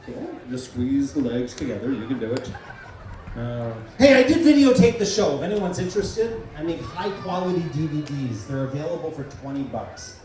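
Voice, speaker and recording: A middle-aged man working as a stage hypnotist at a live comedy show, playfully giving loud, repeated suggestions to volunteers. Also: on the high side, animated, moderate pace, soft background music. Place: large fair tent. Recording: echoey tent, mic heard from far.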